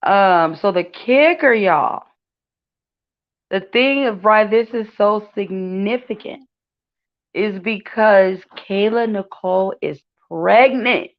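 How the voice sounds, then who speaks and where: A woman's voice: mid-range voice, slow. A woman hosting a casual celebrity gossip commentary, chatty and full of fillers, talking to her viewers as y'all. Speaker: gossip channel host. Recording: dull lo-fi sound.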